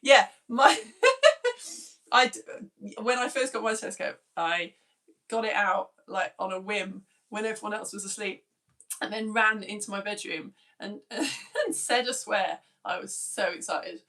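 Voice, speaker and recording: A woman in her forties, a science teacher, chatting warmly through viewer comments on a live-streamed lesson, greeting each by name. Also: mid-range voice, normal speed.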